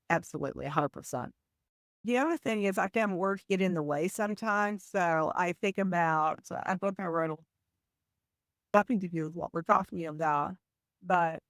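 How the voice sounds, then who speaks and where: A woman guest on a podcast interview, explaining habits in a measured, example-filled conversational way. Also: fairly low pitch, dry recording. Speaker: podcast guest, communication coach.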